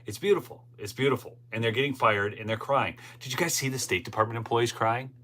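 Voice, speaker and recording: A man's voice: medium pitch, steady tone, brisk, sharp tone, slight background noise. A man hosting a political livestream, talking casually and rambling as he keeps checking "okay?" with the audience. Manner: rambling and conversational, often tagging "okay?". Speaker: host of a political commentary livestream. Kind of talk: casual live commentary reading the chat.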